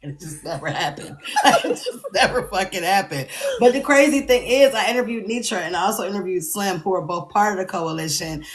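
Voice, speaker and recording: A woman, reacting loudly with profane banter. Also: mid-range voice, expressive, fairly quick. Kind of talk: casual chat.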